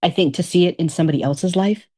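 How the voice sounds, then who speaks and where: Lady guest rattling off a story fast, lower voice, repeats stuff. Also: warm tone. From Alaska. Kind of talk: casual conversation.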